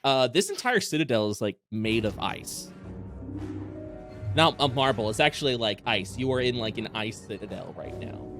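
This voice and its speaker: A man's voice: medium pitch, expressive, moderate pace, music in the background. Man rambling as dungeon master. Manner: rambling narration with many fillers. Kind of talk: narrating a tabletop game.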